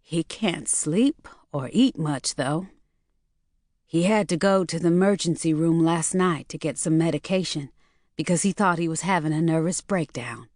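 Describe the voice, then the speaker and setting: A woman narrator voicing a weary, hoarse woman who speaks in a subdued, choked way. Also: low voice, moderate pace, darkish tone, no echo, studio quality.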